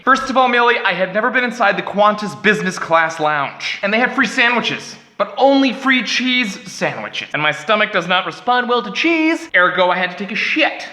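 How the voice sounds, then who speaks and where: A man vlogging to camera, telling a comic story in an animated, exaggerated, self-mocking way. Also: sits high, moderate pace, hardly any pauses. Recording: echoey room.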